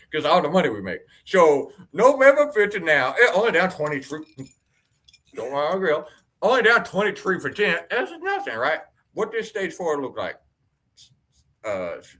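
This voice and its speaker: A man's voice: a little high, pushed and bright. Playful, mock-brash male host. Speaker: co-host of an investing show. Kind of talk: joking stock chart chat.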